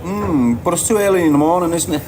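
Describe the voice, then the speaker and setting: Talking fast in a fairly high voice with lively intonation, a Liverpool man chats with his livestream viewers over a noisy background. He reads their comments bluntly, swears a lot and laughs often.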